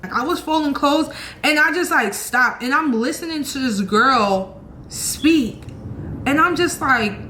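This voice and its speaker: A young woman tells a storytime vlog in a bright, forceful voice pitched a touch high, blunt and full of swearing as she acts out what she said. The room rings with echo, and a faint hiss sits underneath. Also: unhurried. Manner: animated, blunt and profane, acts out her own quotes. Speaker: channel host. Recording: echoey room with faint noise.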